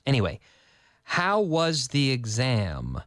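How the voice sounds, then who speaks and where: A man's voice: mid-range voice, wildly swooping pitch, slow pace, a bit bright, dry recording, clean studio sound. A man teaching a live online English lesson, explaining with repeated example sentences, glossing words in Spanish and answering viewer comments.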